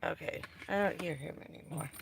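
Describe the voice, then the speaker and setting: A woman live-streaming casual chat from inside her parked van at night, blunt and quick to swear, alternately scolding and soothing her dog. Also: low voice, creaky, slight background noise. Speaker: livestreaming van dweller.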